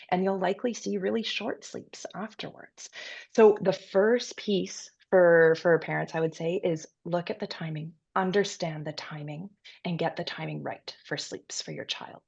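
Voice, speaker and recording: Low gravelly woman, calmly advising parents. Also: moderate pace, highs cut off. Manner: calm, instructive, reassuring. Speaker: pediatric sleep consultant guest. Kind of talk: explanatory interview talk.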